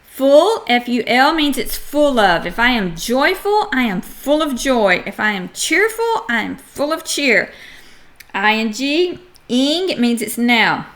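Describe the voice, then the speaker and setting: A middle-aged woman teaching a phonics lesson to young children, sounding out letters and words clearly and acting out examples with playful energy. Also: fairly high pitch, a little slow. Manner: animated and playful, acts out examples.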